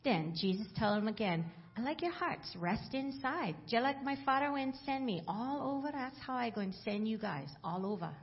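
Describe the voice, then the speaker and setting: A woman's voice: fairly high pitch, animated, moderate pace, few pauses, highs cut off. Woman reading in Hawaiian Pidgin. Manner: reads aloud verse by verse, playful. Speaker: pastor's wife reading scripture.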